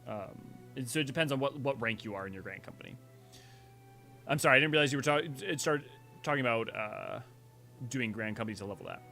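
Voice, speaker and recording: A man's voice: mid-range voice, quick pace, gravelly, bright, forceful tone, soft background music. A man streaming a game, chatting casually and nerdily, often restarting and correcting himself as he rambles. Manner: rambling, self-correcting, nerdy. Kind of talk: casual livestream chat and game commentary.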